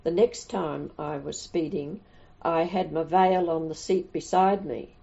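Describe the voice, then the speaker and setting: A woman's voice: low voice, measured pace, creaky, warm tone. An older woman, a nun, telling rambling anecdotes in a casual interview, with many restarts. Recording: dull lo-fi recording.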